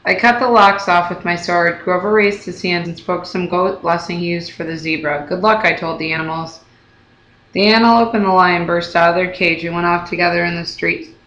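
A reader narrating a novel in the first person with steady storytelling. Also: mid-range voice, normal speed, dull audio, slight background noise. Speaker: audiobook reader. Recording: roomy echo.

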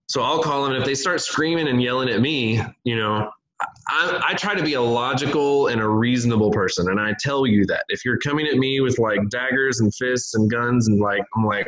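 A man, a home inspector, telling animated stories in a casual podcast chat and laughing often. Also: mid-range voice, normal speed. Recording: roomy echo.

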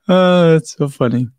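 A man's voice: fairly high pitch, a little mellow, no room sound, clean studio sound. A man hosting a casual live stream about running shoes, laid-back and rambling as he answers viewer questions with frequent chuckles, in a room with shoes on the wall.

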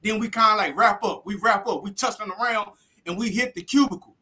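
A man recounting a tale in a casual interview, his voice strikingly high and bright. He talks in loose street slang with plenty of cursing and plays out each scene as he goes. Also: fairly quick. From Texas. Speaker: interview guest recounting prison life.

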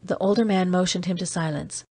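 A terse, weary agent tells his own story, read by a woman in an audiobook. The delivery is steady and measured, recorded dry and close. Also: lowish voice, breathy edge, dry recording. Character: weary man, seasoned off-world agent, terse. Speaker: audiobook reader. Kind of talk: scripted narration.

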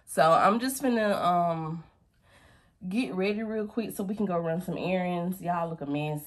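A young woman chats to her phone camera at home in a casual vlog, her voice pitched on the lower side. She talks in a playful, chatty way and keeps calling her viewers baby and girl. A faint hiss sits under the recording. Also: moderate pace. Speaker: vlogger.

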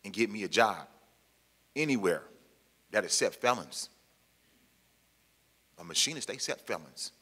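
A man's voice: lowish voice, lively intonation, normal speed, long pauses, sharp tone, husky. Impassioned man speaking in an echoing hall. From Pacific Northwest, US. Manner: emphatic, repeats key lines, plain colloquial speech. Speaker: formerly incarcerated panel speaker. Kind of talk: impassioned public talk to an audience. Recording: long hall reverb.

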